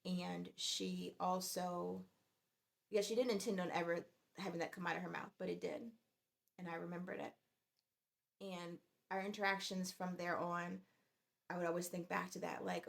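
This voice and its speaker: A woman's voice: fairly low pitch, level tone, normal speed, creaky. A woman in her forties telling a workplace story in a chatty, exasperated way. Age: 40s. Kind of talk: casual storytime vlog.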